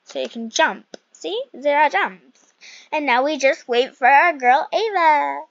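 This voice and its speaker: A woman's voice: high-pitched, animated, unhurried, creaky, no room sound, highs cut off. A woman hosting casual game commentary at home, chatty and rambling as she plays. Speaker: gaming channel host.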